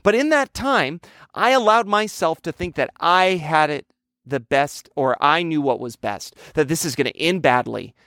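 Storytelling male preacher, higher voice. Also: normal speed, no echo, clean studio sound. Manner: storytelling, animated with childhood anecdotes. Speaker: pastor. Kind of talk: sermon.

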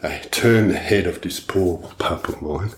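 Man, very low voice, swears constantly, blunt casual storyteller. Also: unhurried, slight background noise. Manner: blunt, heavy swearing, animated retelling. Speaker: podcast co-host.

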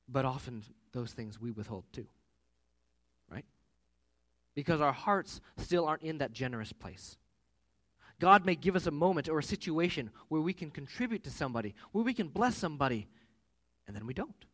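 A man in his thirties preaching a sermon as pastor, with animated storytelling that rises loud for quoted voices. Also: fairly high pitch, fairly quick.

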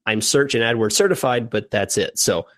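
A man's voice: medium pitch, moderate pace, fairly bright tone, no room sound. A man from Texas co-hosting a casual Q&A podcast, reading a listener email aloud with joking asides. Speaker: podcast co-host.

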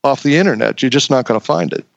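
A man on a Christian podcast talking earnestly about worship, in a halting way full of fillers and restarts. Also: medium pitch, vocal fry, no room sound, dull audio. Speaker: co-host. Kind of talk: earnest faith talk.

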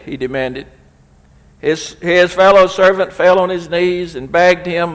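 A man's voice: high-pitched, steady tone, a little slow. A man preaches in a slightly raised voice, pressing his points with rising emphasis and reading scripture aloud. His words ring out with a long reverb, as in a large hall. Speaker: pastor. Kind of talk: sermon.

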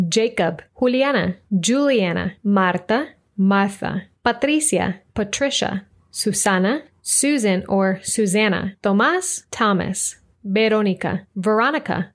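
Young adult woman from the United States, bilingual podcast teacher, clear friendly explaining, mid-pitched voice. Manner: friendly, clear explaining, switches between English and Spanish. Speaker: English teacher, podcast host.

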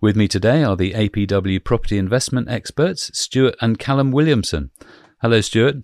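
A man's voice: fairly low pitch, moderate pace, darkish tone, dry recording, clean studio sound. Man hosting a chatty podcast. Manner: chatty, leads with questions. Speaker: podcast host. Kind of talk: casual podcast chat.

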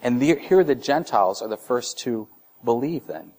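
A man in his thirties delivers a sermon in a relaxed, conversational way. His voice sits at a middle pitch, and he often restarts phrases as he works through his ideas. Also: moderate pace. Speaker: pastor.

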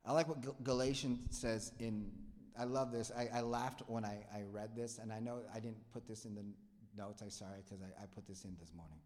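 A man's voice: fairly low pitch, steady tone, a little fast. Playful man preaching in an echoey hall. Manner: playful and self-mocking, jumps from quiet asides to loud emphatic bursts. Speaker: pastor. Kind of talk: sermon. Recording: echoey hall with long reverb.

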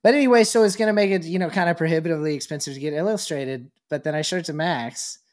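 An easygoing man co-hosting a casual podcast, his voice sitting a little high for a man. He rambles loosely, with plenty of filler words. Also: fast talker. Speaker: podcast co-host. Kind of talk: casual chat.

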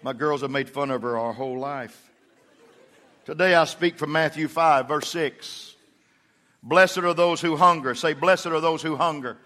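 A middle-aged pastor preaches in church with a slightly high voice that's unhurried, pushed and bright, carrying a big-room sound. His sermon is built on folksy stories, and he acts out quotes from members of his congregation.

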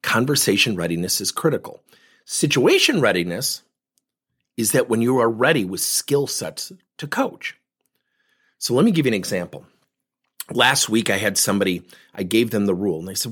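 A man who coaches and trains people in workplace talk, telling stories in an animated way and acting out the dialogue. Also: fairly low pitch, normal speed, husky.

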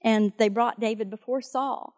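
A woman's voice: fairly high pitch, fairly even intonation, moderate pace, a little mellow. A woman preaching a sermon, retelling a Bible story in a conversational way with fillers and asides.

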